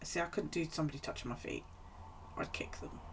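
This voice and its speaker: Woman streamer, low-pitched, rambling chatter, salty language. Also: quick pace, slight background noise. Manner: chatty, rambling storyteller who swears freely. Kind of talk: casual chat while journaling on stream.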